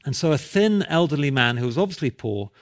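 A man's voice: on the high side, expressive, brisk. A male pastor preaching a sermon, telling a story and building to emphatic repeated calls.

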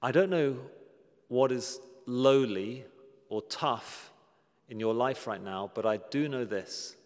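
A man preaching a sermon and telling a story in an earnest way, going slow and hushed at the tender parts. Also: mid-range voice, big-room sound.

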